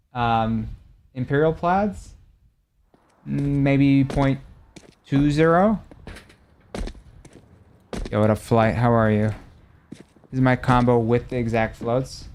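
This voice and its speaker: A young adult man streaming live, chatting casually with his viewers and reacting animatedly, his voice swinging between loud and soft. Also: mid-range voice, takes it slowly, long pauses, a little hiss or hum.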